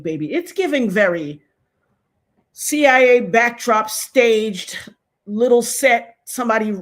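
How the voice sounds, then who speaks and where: A woman giving a sassy, emphatic commentary rant straight to her viewers, preaching at them. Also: fairly high pitch. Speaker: social media commentator.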